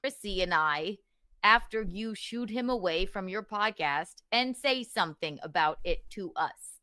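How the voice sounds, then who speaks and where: A woman's voice: mid-range voice, animated, a little slow, pushed and bright, no echo, clean studio sound. A woman in heated casual podcast chat, retelling a story in a profane, defensive and rambling way.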